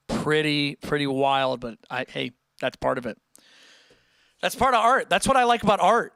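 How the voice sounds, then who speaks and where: Bright, rambling livestream musician. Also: male voice, fairly high pitch, no echo, studio quality. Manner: rambling, animated, many restarts and fillers. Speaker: musician hosting a livestream chat. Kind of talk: casual livestream chat with viewers.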